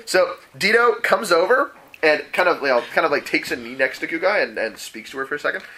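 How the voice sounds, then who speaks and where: A man's voice: on the high side, expressive, a little fast, sharp tone, low-quality recording. A man running a tabletop role-playing game as game master, narrating casually with frequent fillers and laughter. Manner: laughing, rambling, lots of fillers.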